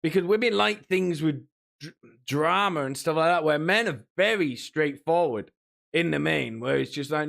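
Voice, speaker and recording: A man's voice: a little high, animated, moderate pace, gravelly, a bit bright. A man streaming, rambling and mocking in a casual rant, often laughing between remarks. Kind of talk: casual ranting commentary.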